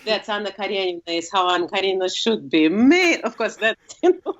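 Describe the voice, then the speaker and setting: A Russian-accented woman speaking English as a second language in a relaxed talk. She explains in a roundabout, conversational way, full of fillers and restarts. The recording is slightly muffled and dull. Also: mid-range voice, brisk. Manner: explanatory, with frequent fillers and self-corrections. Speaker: guest, opera singer. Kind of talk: casual conversation.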